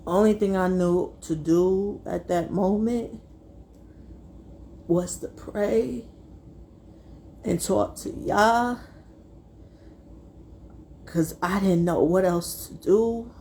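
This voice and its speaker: A young adult woman telling a personal story to her viewers, fighting back tears and speaking haltingly. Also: medium pitch, warm tone, slight background noise. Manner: tearful, halting, addresses viewers as y'all. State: close to tears. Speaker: vlogger.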